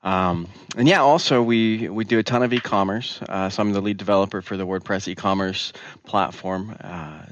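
A man who is a software developer, appearing as a podcast guest and chatting easily with frequent fillers. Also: lowish voice, normal speed, few pauses, no echo, dull audio. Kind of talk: casual interview chat.

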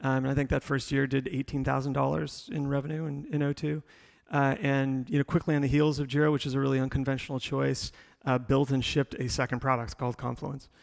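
A man's voice: mid-range voice, flat delivery, brisk, vocal fry, big-room sound. A middle-aged man, a tech executive, telling his story in a rambling way full of fillers and restarts during a live interview on stage. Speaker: tech company executive guest.

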